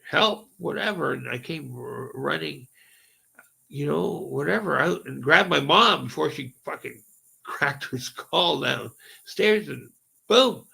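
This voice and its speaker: A man's voice: fairly high pitch, expressive, slow pace, creaky, pushed and bright, breathy edge. A man rambling through a personal ghost story in casual talk, profane and full of fillers like "right?" and "okay?". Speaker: paranormal storyteller.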